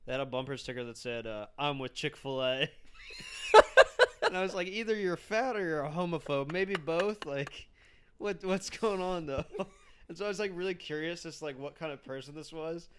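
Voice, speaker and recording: A man's voice: fairly high pitch, lively intonation, normal speed, a bit bright, a little hiss or hum. A young man appearing as a podcast guest, telling a wry, joking story in casual chat.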